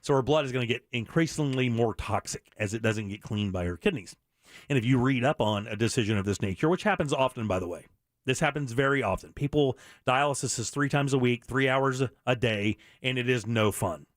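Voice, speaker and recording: Fast-talking middle-aged radio host. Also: male voice, mid-range voice, dry recording, clean studio sound. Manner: earnest and blunt, with frequent restarts. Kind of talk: candid talk radio monologue.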